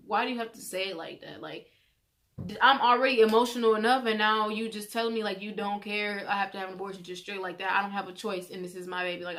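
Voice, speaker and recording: Chatty teenage girl telling a story. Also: medium pitch. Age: teens. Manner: chatty, animated retelling with quoted voices. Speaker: vlogger. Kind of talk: personal storytime vlog.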